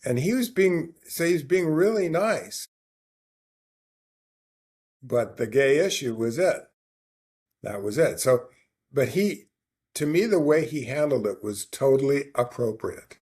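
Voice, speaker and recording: A man's voice: medium pitch, animated, slow pace, long pauses, darkish tone, slightly rough. A man on a podcast telling a long personal story in a casual, rambling way, often restarting his sentences. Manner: rambling anecdote with many restarts and quoted dialogue. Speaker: podcast co-host.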